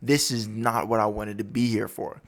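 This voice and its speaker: A man's voice: fairly low pitch, level tone, normal speed, voice pushed down, lightly acted. A man voicing a weary, fed-up old male admiral in a tired, sighing drawl.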